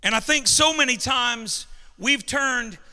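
A male pastor delivers an emphatic sermon in a very high, piercingly bright voice. He calls out to the congregation and has them repeat lines back. His voice rings out with a long reverb through a large church hall. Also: slow pace. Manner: emphatic call-and-response preaching.

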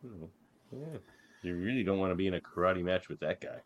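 A man's voice: sits low, a little fast, lo-fi sound. A man co-hosting a casual podcast chat, reading out categories and laughing easily. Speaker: podcast co-host.

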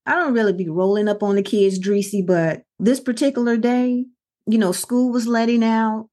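A woman's voice: fairly high pitch, steady tone, moderate pace, a little mellow. Earnest middle-aged woman telling a story. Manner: earnest storytelling with quoted dialogue. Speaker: podcast co-host. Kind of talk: casual podcast conversation.

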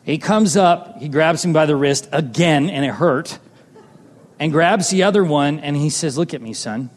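Telling his personal testimony as a sermon, a man speaks a little slowly with a slightly raised pitch, shifting from loud exclamations to hushed, quiet moments. Long reverb makes his voice ring out like in a large hall.

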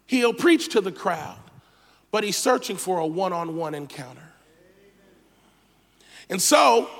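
Man, guest preacher, sermon, lively playful storytelling, very high voice, long hall reverb.

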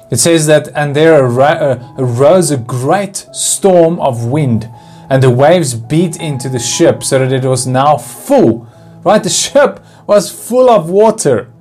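A man's voice: medium pitch, darkish tone. A man giving a devotional sermon in an earnest, pleading way, asking rhetorical questions. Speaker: devotional speaker.

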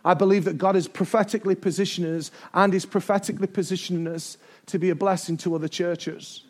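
A man preaching a sermon to his church, energetic and building to shouts, with joking asides. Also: sits high, fast. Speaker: pastor. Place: church service before a congregation.

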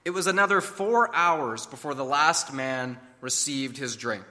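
Emphatic preacher in an echoing hall. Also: male voice, medium pitch, a little slow. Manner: emphatic, rising to loud declarations. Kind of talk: sermon.

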